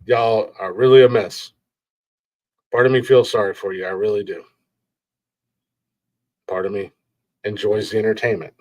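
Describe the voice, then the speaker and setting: A man's voice: on the low side, steady tone, moderate pace, pauses often, darkish tone. A man hosting a podcast, ranting in a rambling, profane way and laughing at his own jokes. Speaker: podcast host.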